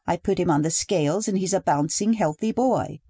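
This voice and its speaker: A woman's voice: on the low side, brisk, warm tone, slightly rough, no echo, studio quality. A woman voicing a young wife who speaks in a breathless, rising, pleading way. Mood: hurt, pleading. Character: young newly married woman, eager then hurt.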